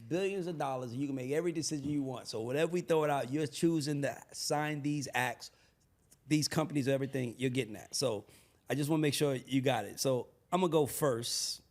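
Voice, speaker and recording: A young man hosting a podcast in a casual interview, hyping up his guest with animated banter. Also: medium pitch, a little fast. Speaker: podcast host.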